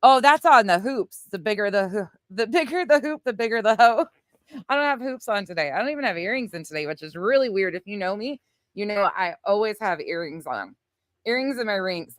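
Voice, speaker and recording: In clean studio audio with no echo, a middle-aged woman with a Southern US accent hosts a casual livestream, reading viewer comments, laughing frequently and swearing occasionally. Her mid-range voice is animated and a little fast.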